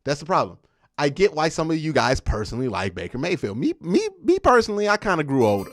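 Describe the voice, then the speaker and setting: A man's voice: a little high, wildly swooping pitch, quick pace, no echo, studio quality. A man giving casual, slangy live-stream commentary, reading chat and ranting. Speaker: streamer reacting to news and chat.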